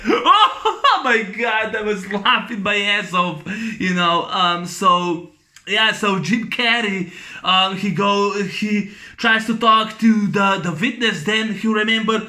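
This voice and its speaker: A man with a high, bright voice talks through a movie review in a loose, casual way. He rambles, leans on fillers and keeps breaking into laughter as he retells scenes. The tone stays crisp and forward throughout. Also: slow pace. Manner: rambling, full of fillers and "you know".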